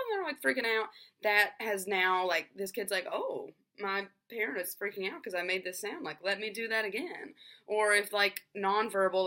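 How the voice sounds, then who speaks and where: A woman's voice: medium pitch, pushed and bright. A young woman explaining a topic in a casual, chatty way, full of fillers like "um" and "like". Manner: filler-heavy, frequent "like" and "um". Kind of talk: casual spoken explanation to camera.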